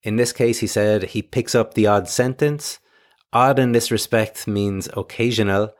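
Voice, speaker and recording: Low-voiced man explaining vocabulary. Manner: clear, measured explaining with examples. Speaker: English teacher host. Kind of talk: scripted explanation.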